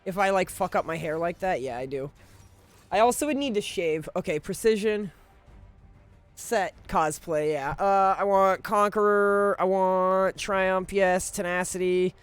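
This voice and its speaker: A man's voice: high voice, measured pace, smooth, soft background music. A man streaming a video game, chatting casually to his viewers in a rambling, profane way, often cutting himself off and chuckling.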